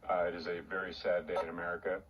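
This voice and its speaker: Real deep flat guy, slow and solemn with lots of uhs, far off muffled. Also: husky. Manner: solemn, halting with fillers. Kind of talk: news interview soundbite. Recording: distant, dull TV audio.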